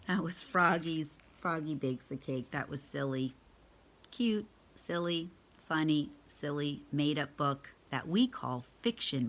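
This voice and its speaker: Slow, bright-voiced woman reading to kids. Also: deep voice. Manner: chatty asides to young listeners. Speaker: read-aloud storyteller. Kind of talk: reading a picture book aloud to children.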